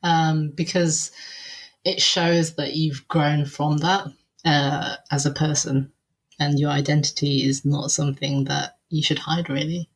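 Low-voiced woman chatting candidly. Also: flat delivery, unhurried. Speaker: podcast guest, advertising creative. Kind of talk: casual conversational interview.

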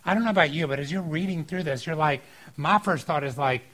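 A man preaching a casual sermon on a scripture passage, informal and animated, breaking into acted-out quotes. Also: on the high side, quick pace, low-quality recording. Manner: informal and animated, acting out quotes with filler likes.

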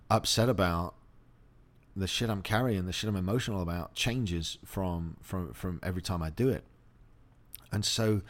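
A middle-aged man hosting a motivational monologue, blunt and profane, speaking openly about personal grief. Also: sits low. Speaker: host.

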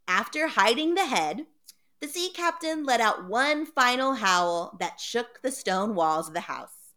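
A woman's voice: fairly high pitch, lively intonation, a little slow, pushed and bright. A woman reading a ghost story aloud in a dramatic, playful way.

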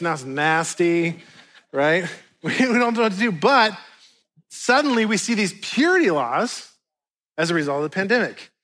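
A middle-aged male pastor delivers a sermon with a noticeably high voice. He keeps it conversational and jokes with the congregation. His asides come across as playful and loose. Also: a bit bright. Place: church hall with a congregation.

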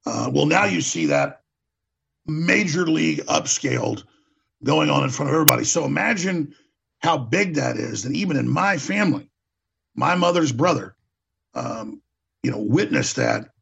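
A man's voice: a little high, lively intonation, moderate pace, creaky, a bit bright, breathy edge. A man hosting a talk show, delivering an impassioned political monologue, ranting and repeating words for emphasis, on a dull lo-fi recording.

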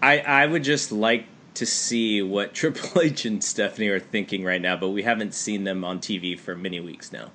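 A man's voice: lowish voice, moderate pace, few pauses, sharp tone, slight background noise. A man co-hosting a casual wrestling podcast, speaking hesitantly with many stammered restarts. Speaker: podcast co-host.

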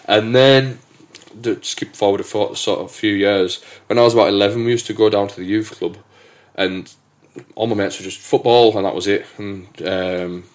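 Halting low-voiced male podcast host. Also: steady tone. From England. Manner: hesitant, many restarts and fillers. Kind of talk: casual storytelling chat.

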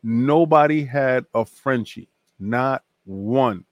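A man, a guest telling a long story in a casual interview, animated and acting out other people's lines. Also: mid-range voice, slow pace, no room sound, muffled recording. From New York.

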